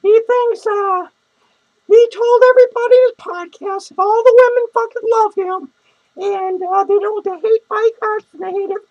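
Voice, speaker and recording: A man's voice: very high-pitched, steady tone, moderate pace, darkish tone, highs cut off. A man playing a foul-mouthed, lonely, hungover female clown who rambles crudely, curses and cackles in a comedic character monologue. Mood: mocking. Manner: crude, rambling rants full of cursing and cackling laughs.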